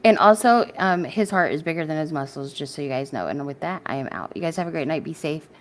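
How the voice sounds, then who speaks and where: A woman's voice: deep voice, expressive, fast talker, slight background noise. A woman teasing and swearing brashly in a casual group chat over a voice call. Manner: teasing, brash, laughs often.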